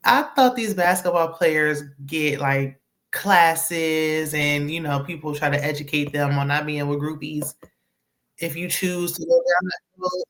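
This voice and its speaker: A young adult woman hosts casual commentary in a slightly low voice. She talks in an opinionated, chatty way and laughs often. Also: fairly bright tone. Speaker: host.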